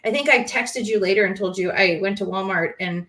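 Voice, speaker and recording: A woman talking as a podcast guest in casual conversation, emotional and animated, quick to laugh. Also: mid-range voice, reverberant, rough recording.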